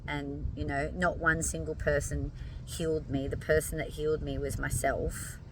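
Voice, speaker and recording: A woman, hoarse and tired, talking earnestly and emotionally to her followers and swearing casually. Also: low voice, level tone, moderate pace, distant mic, noisy background. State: hoarse, fatigued. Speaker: vlogger addressing followers. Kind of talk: emotional direct-to-camera talk.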